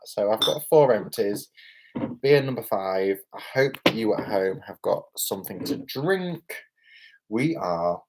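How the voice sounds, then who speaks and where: A man's voice: fairly low pitch, lively intonation, normal speed, heavy background noise. A young British man, tipsy from beer, rambling and exclaiming as he chats on a live stream from a hotel room. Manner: rambling, exclamatory, self-mocking. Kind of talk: casual live-stream chat.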